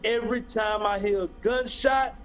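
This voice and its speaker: A man voicing his weary, loving mother, speaking slowly and firmly. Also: high-pitched, steady tone, a bit bright. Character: tired, loving older mother, firm.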